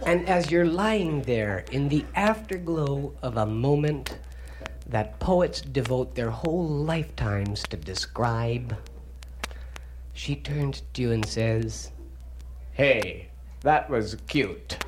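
Wry, animated stand-up comedian in his thirties. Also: mid-range voice, slow pace. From Canada. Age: 30s. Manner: wry, animated storytelling with sudden loud punchlines. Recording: noisy live comedy recording.

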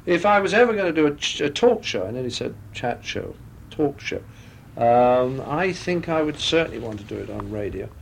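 A man's voice: medium pitch, big pitch swings, normal speed, vocal fry, slightly rough. A man talking as a guest in a radio interview, telling chatty anecdotes into a studio microphone.

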